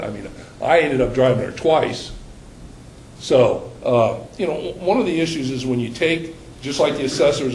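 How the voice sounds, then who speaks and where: A man's voice: medium pitch, vocal fry, a little mellow, reverberant, slight background noise, low-quality recording. A man speaking earnestly on a panel as a former township trustee, often repeating words as he restarts. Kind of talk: panel discussion.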